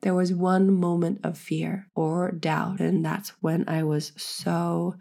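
A woman's voice: fairly low pitch, flat delivery, slow pace, creaky, warm tone. A pregnant woman frankly telling her own birth story, earnest and swearing freely. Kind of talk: candid personal storytelling.

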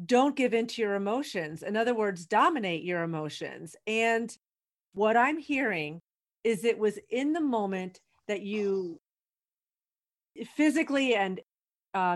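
Calm woman host, measured and affirming, mid-pitched voice. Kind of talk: reflective interview commentary.

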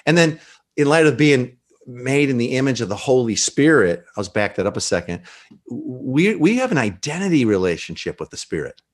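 A man talking about faith in a relaxed interview, animated and preachy, often quoting scripture and acting out dialogue. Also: medium pitch, moderate pace. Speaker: pastor guest. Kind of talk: conversational podcast interview.

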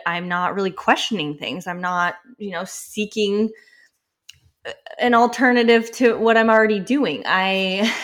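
A woman's voice: mid-range voice, fairly bright tone. Chatty woman podcast host, laughing often. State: slightly winded. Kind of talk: casual solo podcast chat.

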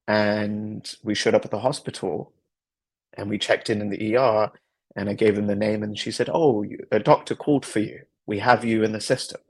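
This male podcast host has a lowish, creaky, slightly rough voice. He shares a personal story as a motivational talk, earnest and reflective, repeating himself a great deal.

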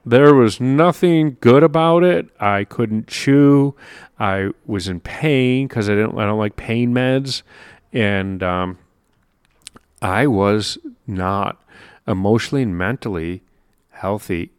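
Male motivational speaker, low voice, conversational and emphatic, dry close sound. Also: takes it slowly, clear, resonant tone, dry recording. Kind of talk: motivational monologue.

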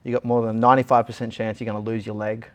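Racing along in a voice on the low side, a young Australian man recounts a long personal story as an interview guest in a casual setting. He acts out what everyone in it said, keeping the retelling animated.

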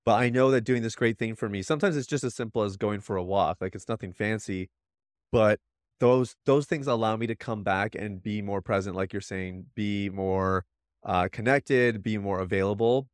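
A man's voice: lowish voice, moderate pace, no room sound, studio quality. A man in his thirties, a podcast guest, talking earnestly and reflectively in casual conversation, with many restarts.

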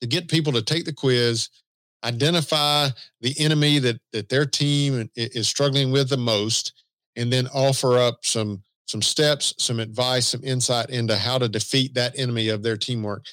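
A man's voice: mid-range voice, steady tone, normal speed, a bit bright, dry recording. A man with a Southern US accent co-hosting a podcast in easygoing, self-deprecating casual chat. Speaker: podcast co-host.

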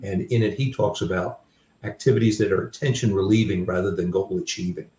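Older man telling stories, low roomy voice. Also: fairly even intonation, a little fast, dark tone, slight background noise. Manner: reflective, self-deprecating, many fillers and restarts. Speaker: guest author. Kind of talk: storytelling in a conversation. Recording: roomy sound, a bit far from the mic.

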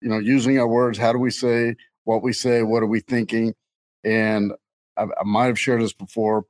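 A man's voice: fairly low pitch, flat delivery, moderate pace, darkish tone, poor audio. Jokey middle-aged man hosting a faith podcast. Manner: rambling, jokey, laughs often. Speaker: co-host. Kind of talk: casual faith podcast chat.

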